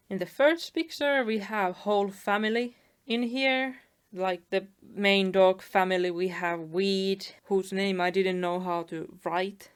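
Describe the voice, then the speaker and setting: A woman, narrating softly and chattily about her old art. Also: medium pitch, smooth. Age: 20s. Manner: soft, chatty, laughs at herself. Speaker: artist vlogger. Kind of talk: casual narration over speedpaint.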